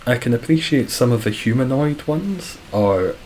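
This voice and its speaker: A man's voice: medium pitch, expressive, normal speed, a little mellow, slight background noise, poor audio. A Scottish man chatting casually on a live stream, reading out viewer comments with dry, self-deprecating humour. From Scotland.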